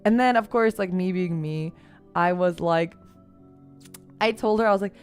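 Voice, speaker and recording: A woman streamer telling a story in casual chat, animated and laughing often, with lots of "like" and fillers. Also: lowish voice, moderate pace, clear, resonant tone, soft background music.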